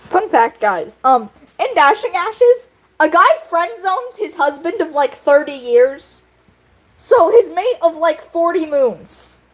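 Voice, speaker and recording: A young woman chats while she draws, rambling along with plenty of fillers and giggles. Her voice sits high and swoops animatedly up and down. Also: big pitch swings, slow pace. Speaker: video creator. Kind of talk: casual chat while drawing.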